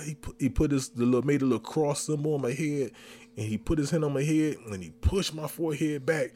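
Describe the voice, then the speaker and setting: A man hosting a podcast, telling a comic story with lively re-enactments of his own reactions. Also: fairly high pitch, fast talker, slight background noise. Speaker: podcast host. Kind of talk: comedic storytelling.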